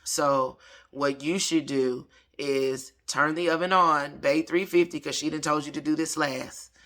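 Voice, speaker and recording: A man's voice: a little high, steady tone, unhurried, pushed and bright. A man in his late thirties, a chef, casually walking through an old cookbook recipe and talking back to its author. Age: 30s. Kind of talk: casual cooking lesson.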